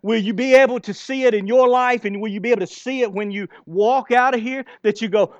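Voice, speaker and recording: A man preaching a sermon with a high, lively voice, throwing questions at his congregation and slipping into soft asides. The sound is dry and somewhat dull, lo-fi. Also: fairly quick, few pauses, no room sound. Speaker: pastor.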